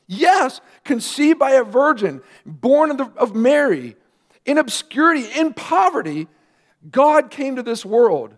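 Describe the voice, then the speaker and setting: A man, a pastor, preaching a sermon earnestly, with emphatic rising questions and quieter asides. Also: extremely high pitch, big pitch swings, measured pace.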